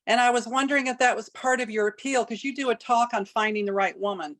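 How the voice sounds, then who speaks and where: A woman's voice: on the high side, fast talker, a bit bright. A woman interviewing a guest, asking long, earnest, probing questions. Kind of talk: podcast interview.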